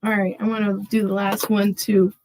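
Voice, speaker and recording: A woman's voice: medium pitch, moderate pace, no echo, low-quality recording. A woman doing a channeled tarot reading for her viewers, effusive and emphatic, calling them y'all and saying "freaking" a lot. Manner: gets excited and emphatic when revealing cards. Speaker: tarot card reader.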